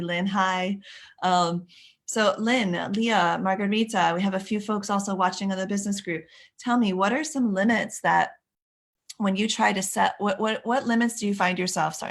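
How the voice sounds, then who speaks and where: Lower-voiced woman, parenting coach on a live stream, chatty and self-correcting. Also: gravelly, a bit bright. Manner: chatty, greets viewers by name, restarts sentences.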